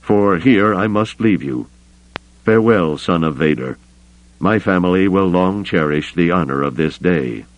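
A man's voice: low-pitched, expressive, a little slow, dry recording, poor audio. A man voicing a formal, solemn male alien pilot who speaks in ceremonial phrases.

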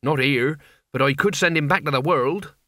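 A man's voice: on the high side, moderate pace, sharp tone, dry recording, clean studio sound. A man voicing an earnest, intense young man in an audiobook. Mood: menacing. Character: young man, anxious turning menacing. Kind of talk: audiobook character voice.

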